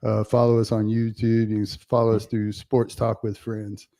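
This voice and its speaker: A man co-hosting a sports podcast, chatting casually and telling stories with animated quoted voices. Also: lowish voice, normal speed. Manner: animated storyteller, acts out quotes. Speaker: podcast co-host. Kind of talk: casual sports chat, storytelling.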